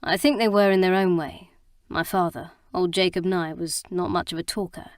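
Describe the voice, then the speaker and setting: A woman reading the part of a blunt, teasing young husband in an audiobook, in a gruff, frank manner and dry sound. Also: on the low side, steady tone, moderate pace, dry recording, close to an everyday voice.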